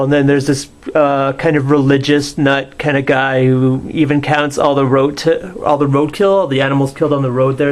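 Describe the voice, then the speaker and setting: Rambling, swearing young man reviewing a movie. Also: mid-range voice. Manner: rambling, filler-heavy, profane and dismissive. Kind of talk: casual spoken movie review.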